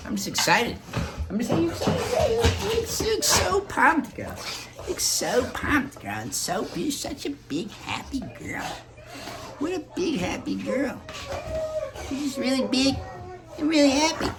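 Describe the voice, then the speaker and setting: A man voicing an excited, slobbery big female dog that babbles and repeats itself. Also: very high voice, a little slow, background noise, voice pushed up, heavily acted. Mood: giddy.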